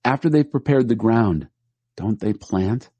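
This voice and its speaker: A man reading scripture aloud in a steady, measured way. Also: on the low side, dry recording.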